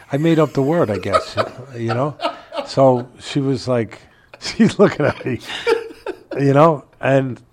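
An older man, a boxing trainer, telling a story in a casual interview from his home, animated and laughing as he talks. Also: medium pitch. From New York area.

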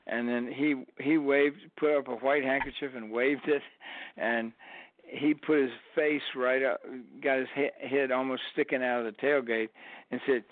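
A man's voice: medium pitch, normal speed, dry recording. An older man, a retired college tennis coach, telling stories as an interview guest and acting out the quotes. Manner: animated storyteller who acts out quotes. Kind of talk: storytelling interview. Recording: dry phone-like line.

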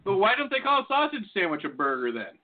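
Brief: high-pitched male co-host, jokey rambling banter, tinny phone-like sound. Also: huge pitch swings, fast. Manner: joking, rambling. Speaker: podcast co-host. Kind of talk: casual banter. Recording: phone-like lo-fi audio.

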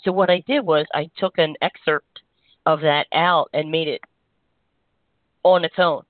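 A woman energy healer hosting a call-in show, giving gentle, reassuring spiritual guidance in a meandering way. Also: sits low, steady tone, measured pace, no room sound. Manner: gentle, reassuring, meandering with frequent "you know". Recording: dry, tinny phone-line sound.

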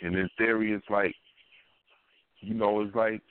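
A man's voice: fairly low pitch, little pitch movement, unhurried, clean tone. A man co-hosting a podcast in casual chat, talking in emphatic slang and repeating himself for effect. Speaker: podcast co-host. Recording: phone-like line with faint noise.

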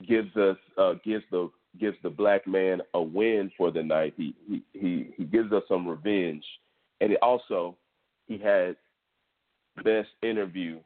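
Low-voiced Texan man on tinny audio. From Texas, US. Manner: loose, profane sports storytelling. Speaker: podcast host. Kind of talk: casual monologue.

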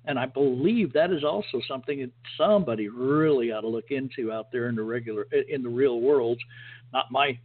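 A man's voice: medium pitch, a little fast. A man hosting a casual podcast chat, rambling and acting out the voices in his stories. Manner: rambling, acts out quoted voices. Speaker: podcast host. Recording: phone-like audio.

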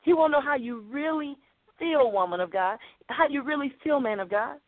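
A woman's voice: high voice, animated, brisk, dry recording. A woman preacher delivering an earnest, conversational podcast sermon. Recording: dry, phone-like narrow sound.

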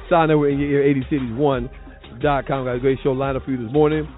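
A man with a Southern US accent hosting a Sunday morning gospel radio talk show, playful and exclaiming loudly at times. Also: mid-range voice, fairly even intonation, quick pace, soft background music. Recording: tinny phone-like broadcast audio.

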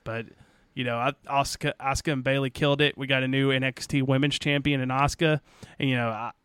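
A man's voice: mid-range voice, flat delivery, quick pace, fairly bright tone, clear, resonant tone, no echo. A man co-hosting a casual wrestling podcast, reacting with enthusiasm. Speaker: podcast co-host.

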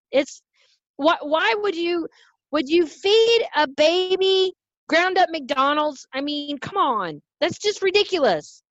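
A woman pet nutritionist talking casually on a podcast, passionate and animated, often restarting her sentences. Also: very high voice, slow pace, no room sound, dull audio.

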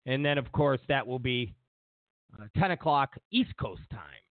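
A man's voice: mid-range voice, sing-song, measured pace, no echo. A man hosting a political commentary show, rambling and digressive with a sarcastic edge. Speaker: show host. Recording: tinny phone-like dry recording.

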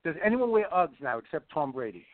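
A middle-aged man telling long rambling stories in a casual, animated way. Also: on the high side, fairly quick, a loud crowd. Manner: rambling, animated, repeats himself. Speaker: guest. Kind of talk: casual storytelling. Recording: tinny dry call line.

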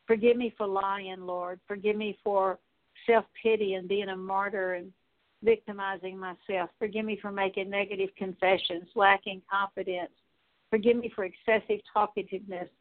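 A woman Bible teacher leading a slow, halting spoken prayer with many pauses and fillers. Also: mid-range voice, level tone. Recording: tinny phone-like audio.

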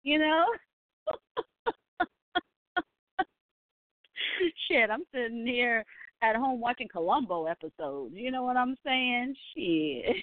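A woman's voice: fairly high pitch, lively intonation, slow, pauses often, no echo. A woman hosting a casual live stream from home, chatty and blunt, laughing often and swearing freely as she reads viewer comments. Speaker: livestream host reading viewer comments. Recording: tinny phone-like, dry sound.

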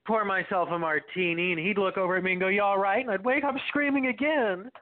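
A man's voice: sits high, fast talker, dry recording. Man telling stories over tinny audio. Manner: loose storyteller, laughs often. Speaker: podcast co-host. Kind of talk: casual chat. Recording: dry, tinny phone-like audio.

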